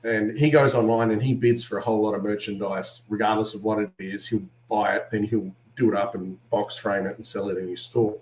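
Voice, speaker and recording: An Australian man with a fairly low voice, telling lively behind-the-scenes stories as an interview guest. He acts out the lines of the people in his stories. The sound is roomy and echoey. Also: brisk, few pauses, a little hiss or hum. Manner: animated anecdotes, acting out other people's lines. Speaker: actor guest. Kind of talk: casual interview storytelling.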